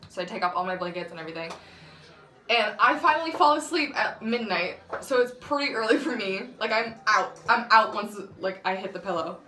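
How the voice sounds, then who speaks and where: A young woman with a bright, sharp voice tells a dramatic storytime, swearing freely and breaking into laughter. The sound carries a roomy echo. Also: mid-range voice, lively intonation, brisk. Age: young adult. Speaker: vlogger. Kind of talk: casual storytime vlog.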